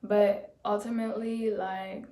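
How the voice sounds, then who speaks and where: A young woman with a low, laid-back voice, telling a blunt, slangy, swearing story about quitting her job in a casual vlog. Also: level tone, unhurried, mellow. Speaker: vlogger. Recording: roomy echo.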